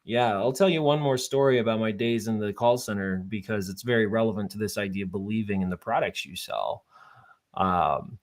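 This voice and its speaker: A man from southern Minnesota, a podcast guest telling stories in a chatty, animated way with lots of fillers. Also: fairly low pitch, a little fast. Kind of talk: casual storytelling.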